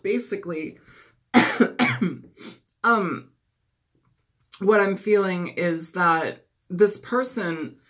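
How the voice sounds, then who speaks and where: A man giving a casual tarot reading, rambling and clearing his throat often as he loses his voice after a nap. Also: high-pitched, fairly bright tone. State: losing his voice, just woke from a nap. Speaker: tarot reader.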